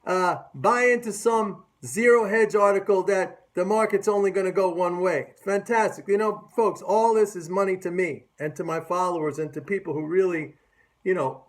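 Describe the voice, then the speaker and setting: A middle-aged man with a notably high-pitched voice delivers a loose, sarcastic rant about the market. He mocks his audience, hammers his points home by repeating them, and talks like a seasoned trader. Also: moderate pace. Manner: sarcastic and mocking; emphatic, repeats phrases. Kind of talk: casual market commentary rant.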